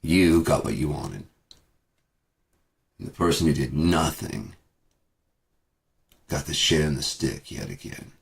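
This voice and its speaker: A man's voice: rumbling low, expressive, takes it slowly, creaky, long pauses. A man delivering a bitter, profane rant as a vlogger, repeating himself as he talks. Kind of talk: profane ranting monologue.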